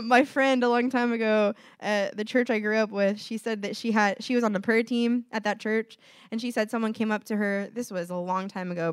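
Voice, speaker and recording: A woman's voice: on the high side, dry recording, studio quality. A woman giving an informal, earnest sermon, talking conversationally to her listeners and acting out little dialogues. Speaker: preacher.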